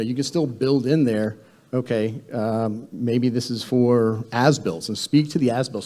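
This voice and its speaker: A man's voice: medium pitch, warm tone. A man presenting a government contracting training session to a room of attendees, speaking conversationally with frequent fillers and restarts.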